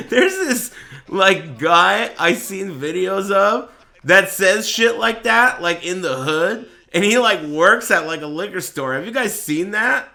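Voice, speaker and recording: Speaking slowly in a high, creaky voice, this man hosts a livestreamed podcast as a streamer. His casual chat is full of lively, profane storytelling and frequent laughter.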